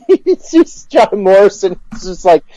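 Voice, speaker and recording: Man, podcast co-host, slow giggly rambling, dry close sound. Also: sits high, sing-song, mellow, dry recording, lo-fi sound. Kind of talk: crude casual banter.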